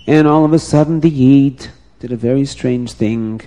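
A man telling a folk tale aloud, animated and repeating phrases, now and then restarting words. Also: mid-range voice, moderate pace, few pauses. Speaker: storyteller.

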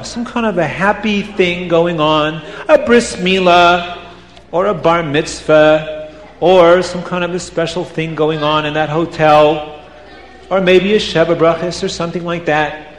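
A man telling a folk tale to children, with animated, dramatic narration. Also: fairly high pitch. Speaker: storyteller. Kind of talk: storytelling to children. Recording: roomy hall reverb.

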